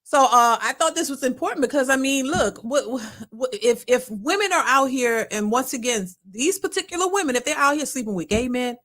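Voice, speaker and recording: A woman hosting a reaction video, giving casual commentary in a colloquial, animated way and often repeating herself. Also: high voice, brisk, few pauses.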